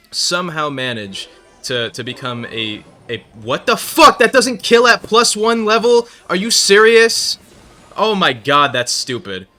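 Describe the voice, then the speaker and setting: A man's voice: mid-range voice, sharp tone. A man telling a rambling story while playing a video game, swearing and breaking off to react to the match. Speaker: gaming video creator. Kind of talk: casual storytelling over live gameplay.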